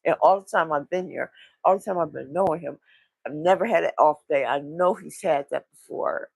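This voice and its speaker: A woman talking in a casual, confessional vlog monologue, rambling and halting with repeated restarts, in a low, vulnerable mood. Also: creaky, slightly rough, no echo. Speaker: vlogger.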